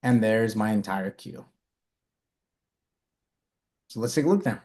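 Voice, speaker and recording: A man's voice: on the low side, lively intonation, unhurried, darkish tone. A man teaching a live coding lesson, talking through his code step by step and correcting himself as he goes. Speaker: coding instructor.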